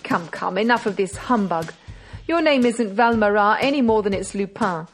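A fierce, commanding gentleman thief, read by a woman in a storybook reading. His voice stays mid-range and even, with faint music somewhere behind. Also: medium pitch, normal speed, natural voice. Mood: defiant. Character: hot-tempered master thief, grown man.

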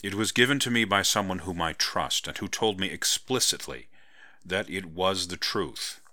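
A man playing an older male professor who speaks calmly and measuredly, kindly but with an iron firmness. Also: sits low, moderate pace, no echo, exaggerated voice.

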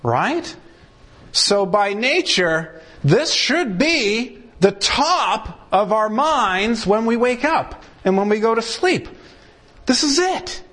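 A man teaching the Bible sermon-style to a room of people, animated, putting on the voices of doubters and asking the room questions. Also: high voice, slow pace. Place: room with a gathered audience.

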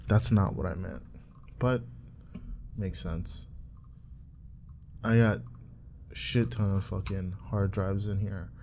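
Low, mellow-voiced man joking around. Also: steady tone, slow, creaky, pauses often, a little hiss or hum. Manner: rambling, joking, laughs at own bits. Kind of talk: casual profane monologue.

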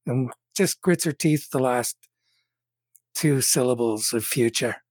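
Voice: mid-range voice, unhurried, a little mellow, no echo. Game master, narrating a tabletop game, chatty, fillers, dry close sound.

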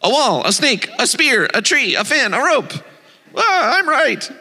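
A man voicing a quarrelsome blind man in a storybook, yelling in a high excited voice. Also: measured pace, long reverb tail, exaggerated voice. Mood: arguing loudly.

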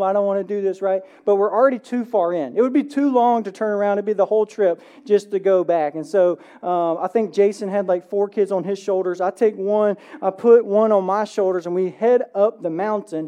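A man's voice: sits high, dark tone. A man in his thirties, a pastor preaching an Easter sermon in church in a conversational storytelling way, often checking in with "right?". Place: church sanctuary.

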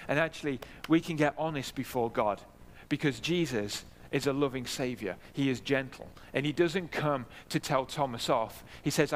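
A man's voice: mid-range voice, normal speed, a little hiss or hum. A man preaching a sermon in a church, earnest, repeating key phrases for emphasis. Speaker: pastor. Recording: long hall reverb.

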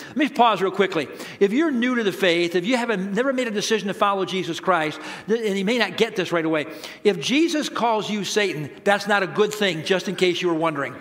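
A middle-aged pastor with a high voice preaches a conversational, humorous sermon. He swings suddenly between loud emphasis and quiet asides.

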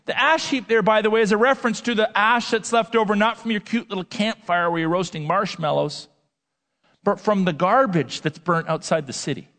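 A man preaching a sermon as a pastor, talking in a lively, conversational way and asking the audience questions. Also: sits high, fairly quick. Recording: long hall reverb.

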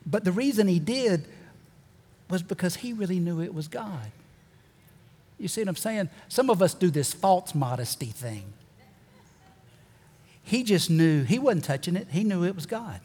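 A pastor delivers a folksy, animated sermon, slipping in jokes and hammering points home by repeating them. His voice sits a little high for a man, and long reverb from the church sanctuary trails after every phrase. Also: normal speed, long pauses, husky. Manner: folksy, animated preaching with joking asides and repeated emphasis.

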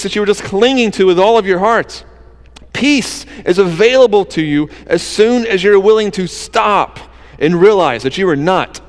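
Earnest high-voiced male preacher. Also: big-room sound. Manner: earnest, conversational preaching with rhetorical questions. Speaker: pastor. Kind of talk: sermon.

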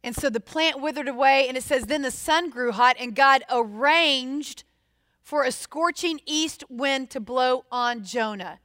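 A woman preaching a sermon, expressive and putting questions straight to her listeners. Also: high-pitched, a little slow, no echo, studio quality.

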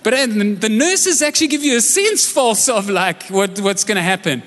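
A man's voice: high-pitched, animated, moderate pace, fairly bright tone. A man from South Africa preaching a sermon live, telling personal stories in a conversational, joking way and asking his audience questions. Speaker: pastor. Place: church auditorium, live service. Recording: long hall reverb from a live service.

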